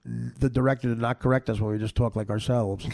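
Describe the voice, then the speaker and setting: A middle-aged man hosting a comedic podcast, rambling and laughing between stories and quick impressions. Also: medium pitch, little pitch movement, gravelly, darkish tone.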